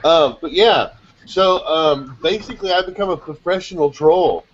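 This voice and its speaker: A man in a casual group video chat, explaining things in rapid, excitable rambles. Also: fairly high pitch, slight background noise. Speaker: SEO chat panelist. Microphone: video call. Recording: dull lo-fi call audio.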